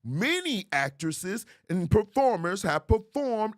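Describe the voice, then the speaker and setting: A man's voice: fairly high pitch, sing-song, normal speed, no echo, clean studio sound. A man hosting a show, speaking casually and preaching straight to his viewers. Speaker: host. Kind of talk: casual commentary monologue.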